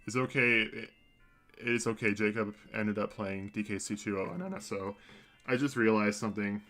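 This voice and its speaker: A man's voice: fairly low pitch, moderate pace, a bit bright, faint music behind. A young man streaming a video game, chatting casually and rambling with lots of self-corrections as he talks to his viewers. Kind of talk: casual livestream commentary. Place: home room at a computer. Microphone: desk mic.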